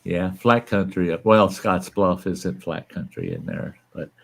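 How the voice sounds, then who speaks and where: A man's voice: low-pitched, huge pitch swings, unhurried, creaky. An older American man, a channel host, telling a folksy story in casual chat and chuckling as he goes. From American West.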